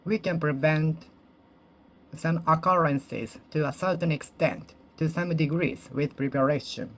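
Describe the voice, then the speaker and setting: A native Japanese speaker practicing English alone, slowly repeating and rephrasing each sentence and correcting themselves as they go. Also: medium pitch, fairly even intonation, a bit bright. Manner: slow, careful, deliberate. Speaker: English learner. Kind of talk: solo speaking practice monologue.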